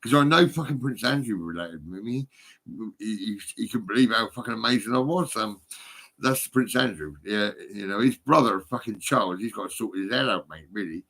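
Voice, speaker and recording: A man's voice: on the low side, normal speed, sharp tone. Brief: guy, fifties, rambling sweary phone vlog, laughs a lot. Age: 50s.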